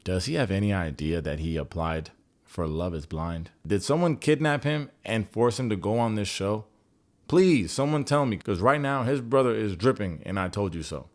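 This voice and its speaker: Man, lowish voice, casual comedic recap host, slangy, joking, profane. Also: expressive, normal speed. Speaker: reality show recap host.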